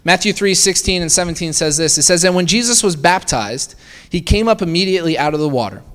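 Talking fast and expressively, this preacher has a high-sitting, fairly bright voice that rings through an echoing hall. He keeps his sermon conversational, tossing rhetorical questions at the congregation and saying "right?" again and again.

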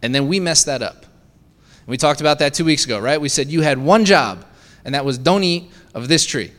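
A man delivering a sermon in a fairly high voice, talking to his listeners and asking rhetorical questions. He often checks in with a quick "right?" while he explains scripture. His voice carries a long reverb from a large hall. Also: a bit bright. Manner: conversational, asks the congregation rhetorical questions with frequent "right?". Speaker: preacher.

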